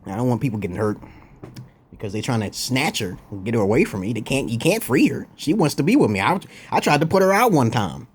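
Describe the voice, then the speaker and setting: A man's voice: mid-range voice, lively intonation, fast talker, breathy edge. Rambling, crude male vlogger. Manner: rambling, crude and boastful, laughs a lot. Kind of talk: casual monologue to camera.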